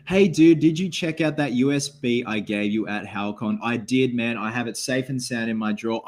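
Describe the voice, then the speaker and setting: A man's voice: on the low side, fairly bright tone. Chatty male live-stream host. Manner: rambling and chatty, many filler words; reads viewer comments aloud. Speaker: livestream host. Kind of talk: casual live-stream Q&A chat.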